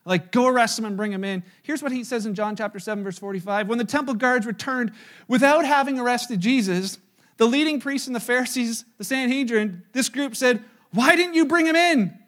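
A man preaching a sermon, retelling a story and acting out the quotes in lively voices, sometimes dropping to a hushed tone. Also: extremely high pitch, fairly quick. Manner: animated storyteller, voices crowd quotes, drops to hushed tones. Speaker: pastor. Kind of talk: sermon with acted-out dialogue.

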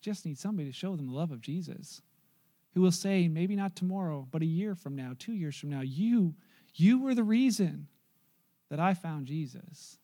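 High-voiced man preaching with animated storytelling. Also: normal speed. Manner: animated storyteller, acts out quotes, swings from loud to hushed. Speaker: pastor. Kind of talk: sermon with storytelling.

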